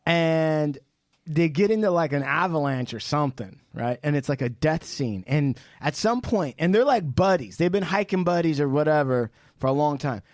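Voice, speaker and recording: A man telling a story on a casual podcast, swearing freely and shouting parts of it out. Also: a little high, moderate pace, no echo, studio quality. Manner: animated, profane storytelling with shouted re-enactments. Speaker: podcast guest, film director.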